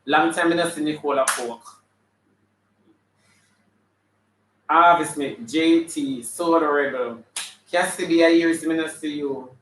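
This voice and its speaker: A man's voice: on the high side, moderate pace, slight background noise, close to an everyday voice. Man playing a brassy Jamaican drag auntie, flamboyant, calls out names, faint room echo from a distance. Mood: sassy. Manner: flamboyant, shouting out viewers' names. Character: sassy female character in drag, full of attitude. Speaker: comedian hosting a live stream. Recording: echoey room, mic at a distance.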